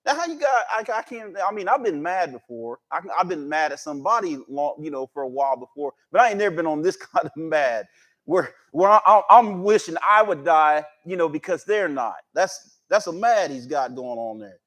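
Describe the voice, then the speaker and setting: An American man with a high-set voice teaches scripture in a loose, conversational way. He stumbles, repeats himself and restarts sentences as he explains. His delivery stays folksy and animated. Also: a little fast. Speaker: preacher.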